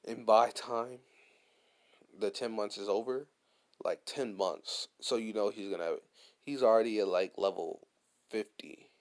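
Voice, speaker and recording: A man's voice: lowish voice, a little slow, long pauses, darkish tone. Rambling man telling a fan story. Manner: rambling, slangy, full of "like" and restarts. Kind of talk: casual fan story narration.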